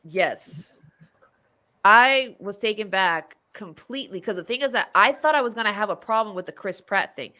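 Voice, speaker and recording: Bright-voiced woman chatting about a movie. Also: medium pitch, animated, moderate pace. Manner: chatty, rambling, laughs often. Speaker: podcast host. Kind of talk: casual movie review chat.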